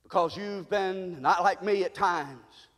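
Brief: middle-aged American male preacher, very high voice, surging from hushed to shouting, long church reverb. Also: slow. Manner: swings from low murmurs to high shouted cries. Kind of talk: sermon.

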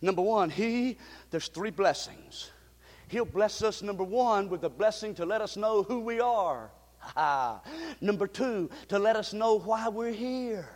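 A male pastor preaching a fiery sermon, shouting in rhythmic refrains and counting off numbered points. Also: sits high, animated, unhurried, big-room sound.

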